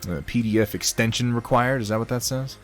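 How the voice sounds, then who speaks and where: A slightly hoarse man hosting a casual hobby livestream, reading viewer posts and chatting with mild swearing. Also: mid-range voice, a little fast, faint music behind. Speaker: host of a miniature painting stream.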